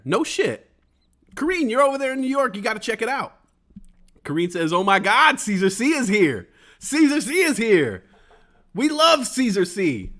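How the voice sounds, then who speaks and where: A man in his forties hosting a casual live stream, joking and reading chat comments aloud. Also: high voice. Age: 40s. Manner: animated and jokey, acts out quoted voices. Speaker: livestream host reading chat.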